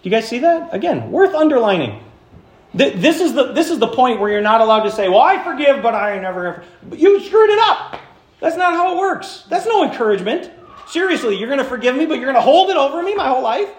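Animated male pastor in an echoey room. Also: fast talker. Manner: animated, swings from hushed to loud and high when making a point. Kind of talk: sermon. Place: church.

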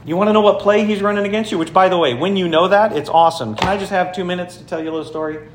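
A fairly high-voiced man preaching a sermon in a church sanctuary, switching between earnest teaching and animated storytelling. He talks straight to the congregation with emphatic questions. The room gives an echoey sound, with faint ambience behind him. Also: racing, a little hiss or hum. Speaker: pastor.

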